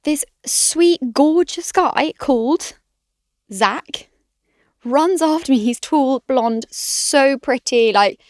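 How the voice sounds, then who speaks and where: A woman co-hosting a podcast in casual chat. Her voice sits fairly high and she talks in a chatty way, jumping in with quick reactions. The recording is dry and close to the mic. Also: no room sound. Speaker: podcast co-host.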